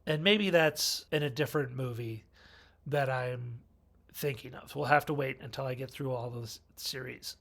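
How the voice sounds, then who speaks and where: A man with a medium-pitched, creaky, fairly bright voice speaks at a normal speed in a casual, rambling movie review monologue. He adds wry asides and keeps correcting himself.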